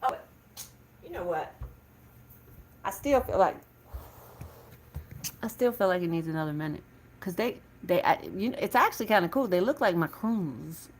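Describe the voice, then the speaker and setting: A woman's voice: lowish voice, animated, normal speed, pauses often, breathy edge. A woman, chatting casually on a livestream from her home kitchen, laughing often. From Southeastern Virginia. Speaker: vlogger.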